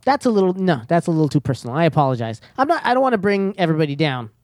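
A man's voice: fairly high pitch, very animated, rapid-fire, darkish tone, no room sound, clean studio sound. A man hosting a podcast alone, rambling nervously with many fillers and jokes at his own expense. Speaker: podcast host. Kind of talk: casual solo podcast chat.

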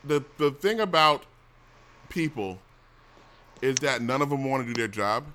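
A man's voice: mid-range voice, animated, measured pace, bright, forceful tone. A middle-aged man hosting a casual chat show, complaining bluntly and profanely, with frequent restarts. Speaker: show host.

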